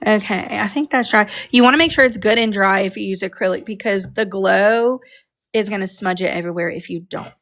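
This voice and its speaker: A woman walks viewers through a coloring lesson in a relaxed, chatty way. Her voice sits at a middle pitch, and she talks to her audience between steps. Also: fairly quick. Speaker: art teacher on a live stream. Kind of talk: casual live coloring class.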